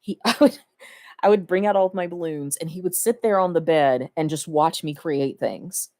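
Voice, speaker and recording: A woman's voice: deep voice, moderate pace, dark tone. A woman talking casually to the camera, reflecting fondly and laughing between her thoughts. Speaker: vlogger.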